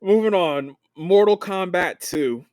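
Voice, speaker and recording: A man co-hosting a film podcast in casual chat, animated, laughing often and swearing freely. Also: high voice, takes it slowly, no room sound. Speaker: podcast co-host.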